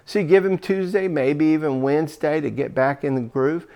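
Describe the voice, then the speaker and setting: A man's voice: on the high side, normal speed, hardly any pauses, mellow. A man giving a conversational coaching talk to job seekers, acting out sample phone calls as he goes.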